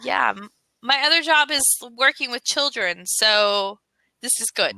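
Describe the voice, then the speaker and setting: A woman's voice: a little high, animated, measured pace, gravelly, bright, forceful tone, poor audio. A woman tutoring English on a video call, upbeat and encouraging. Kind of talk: casual chat.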